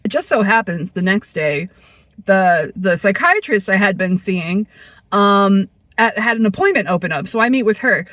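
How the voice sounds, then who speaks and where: A woman's voice: mid-range voice, normal speed, dry recording. A woman telling a personal story in a candid, blunt monologue, swearing freely and acting out the people she quotes. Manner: blunt, profane, animated, acts out quoted people.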